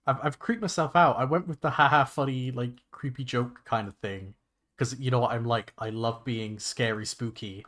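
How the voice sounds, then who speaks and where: A young man chatting casually on a livestream while he plays a game, rambling and excitable, swearing freely and restarting his sentences. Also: medium pitch, normal speed. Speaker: VTuber streamer. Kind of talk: casual gaming livestream chat.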